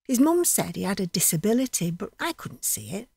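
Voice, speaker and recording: A woman's voice: mid-range voice, sing-song, fairly quick, gravelly, a little mellow, breathy edge, dry recording. Chatty woman telling a story. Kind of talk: dramatic monologue narration.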